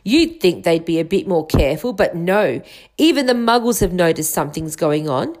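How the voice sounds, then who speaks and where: A woman's voice: fairly low pitch, lively intonation, normal speed, darkish tone, close to an everyday voice. A woman voicing a severe older witch professor who talks impatiently and irritably. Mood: irritable.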